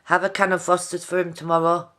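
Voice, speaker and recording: A woman's voice: fairly low pitch, little pitch movement, fast talker, fairly bright tone. A middle-aged woman, talking heartfelt and direct to her viewers in a video diary. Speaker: vlogger.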